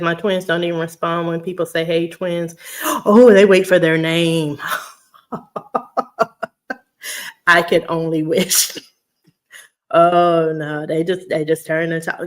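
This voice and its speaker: A Southern US woman talks live to her viewers in a loose, chatty way, stopping often to laugh and read their comments aloud. Her voice sits a little low for a woman. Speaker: vlogger on a weight-loss journey; teacher. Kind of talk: casual livestream chat.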